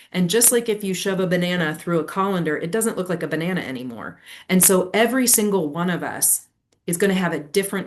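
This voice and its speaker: A woman in her forties, a former educator, explaining ideas in a lively conversational interview. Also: on the low side. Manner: animated storytelling with quick asides. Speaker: guest, leadership strategist and former educator.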